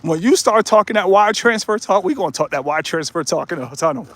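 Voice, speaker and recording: High-voiced man joking on a livestream. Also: lively intonation, brisk, a bit bright, no echo. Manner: joking, playful, riffs with chat and laughs often. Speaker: livestream host. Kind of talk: casual livestream chat while walking. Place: outdoors on a mountain trail, then a tunnel.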